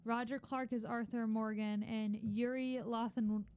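Young woman, casual chat, smooth clear voice, slightly high, teasing and frank. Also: little pitch movement, a little slow, darkish tone, dull audio. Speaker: podcast co-host.

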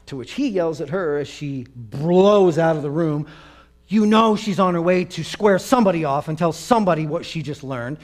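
Male preacher, high voice, lively storyteller who acts out every quote. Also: normal speed. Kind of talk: storytelling sermon.

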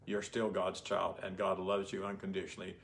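A man's voice: deep voice, monotone, fairly quick, creaky, a bit bright. A man giving informal Bible teaching in a conversational way, often asking his listeners rhetorical questions.

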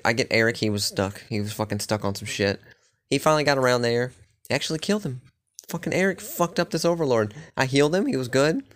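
A man casually recapping his playthrough of a fantasy game, rambling and swearing with lots of filler words. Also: medium pitch. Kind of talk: casual chat.

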